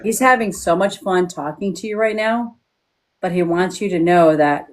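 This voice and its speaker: Low-voiced woman medium giving readings. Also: moderate pace. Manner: frank, repeats questions for yes or no. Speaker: psychic medium. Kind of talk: live-stream reading.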